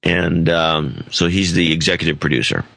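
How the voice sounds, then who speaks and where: Bright, dry-voiced male podcast co-host. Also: low-pitched, moderate pace, vocal fry, no room sound. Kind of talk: casual chat.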